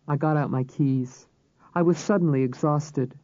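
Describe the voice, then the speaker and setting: A man reading a crime novel aloud as narrator, in a measured, even storytelling manner. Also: a little high, dry recording. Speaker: audiobook narrator. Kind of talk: scripted narration. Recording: slightly dull audiobook recording.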